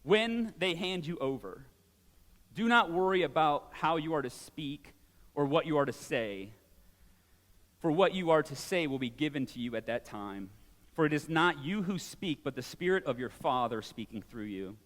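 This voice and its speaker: Male pastor, 40s, high voice, chatty animated sermon in a reverberant hall. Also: moderate pace. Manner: animated, conversational preaching with asides.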